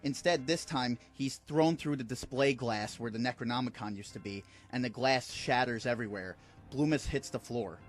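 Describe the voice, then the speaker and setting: A man's voice: mid-range voice, moderate pace. A man casually narrating his fan film idea, loose and chatty, with fillers, over background music.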